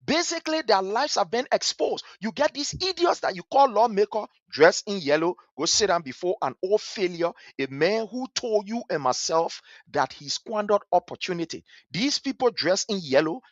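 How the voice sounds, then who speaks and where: A man's voice: high voice, expressive, normal speed, hardly any pauses, dry recording, muffled recording. A man with a Liberian English accent giving impassioned, scornful political commentary, repeating his points with fire. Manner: fiery, scornful, repetitive.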